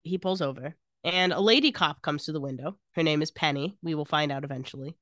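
A woman's voice: low voice, fairly quick, fairly bright tone, no room sound, clean studio sound. A woman co-hosting a podcast, casually retelling scenes from a TV episode and quoting the characters' lines as she goes. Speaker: podcast co-host recapping a TV episode. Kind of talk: casual chat.

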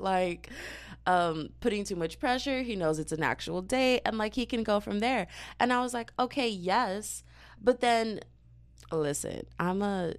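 A young woman vlogger telling a story in a casual, slangy, animated way, laughing and swearing often. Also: fairly low pitch, no echo.

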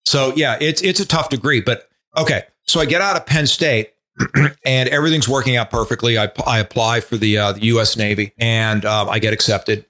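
Bright-voiced older man telling stories. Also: mid-range voice, a little fast. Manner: folksy, rambling with restarts and asides. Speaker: retired TV meteorologist, guest. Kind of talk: casual storytelling.

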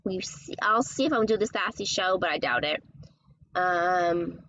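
A woman's voice: fairly low pitch, normal speed, slight background noise, poor audio. Chatty woman hosting a podcast. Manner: chatty, rambling, gushing when excited. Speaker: podcast host. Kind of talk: casual solo chat.

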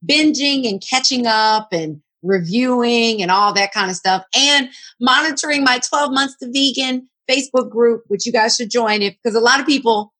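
A woman co-hosting a casual chat, talking in a relaxed, chatty way with enthusiastic recommendations. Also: on the high side, moderate pace, hardly any pauses. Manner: teasing, then enthusiastic recommending.

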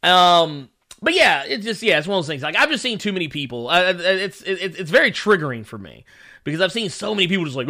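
A man's voice: sits high, sing-song, quick pace, sharp tone. A man in his thirties hosting a casual livestream, ranting with profanity and laughing often while he reacts to chat. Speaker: livestream host.

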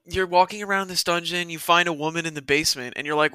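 Bright-voiced man in casual game chat. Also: a little high, steady tone, fast, smooth, no echo. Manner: laid-back, swears, short agreeing replies. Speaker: podcast co-host.

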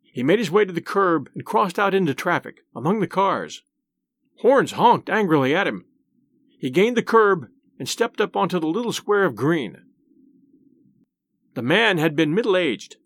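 A man's voice: high-pitched, sing-song, normal speed, no room sound. A man narrating a horror story in a dramatic, suspenseful reading style. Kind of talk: audiobook narration.

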